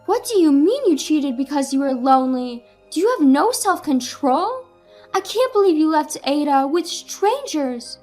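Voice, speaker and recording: Furious young mother, raised high voice, indignant, woman reading. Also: normal speed, soft background music. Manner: shouting, indignant.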